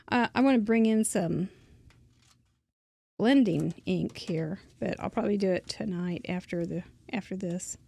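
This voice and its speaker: A woman's voice: mid-range voice, darkish tone. A middle-aged woman casually teaching card making, chatting and thinking aloud as she works at a close mic. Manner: chatty, rambling, thinks aloud while working. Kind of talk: casual craft tutorial.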